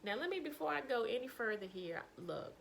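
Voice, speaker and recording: A woman telling a personal story to camera, animated, breaking into laughter and hushed asides. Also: on the high side, brisk, gravelly, a little hiss or hum, rough recording. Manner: animated, breaks into helpless laughter, drops to whispers.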